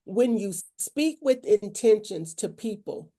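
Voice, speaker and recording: A woman's voice: medium pitch, lively intonation, slow, warm tone. A woman preacher co-hosting a casual faith podcast, speaking firmly and with authority. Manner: firm, assertive, speaks with authority. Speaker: preacher, co-host.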